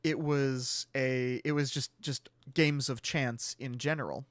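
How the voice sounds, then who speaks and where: A man's voice: medium pitch, steady tone, a little slow, no echo. A man hosting a stream, rambling casually and laughing often. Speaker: streamer host. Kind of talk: casual chat.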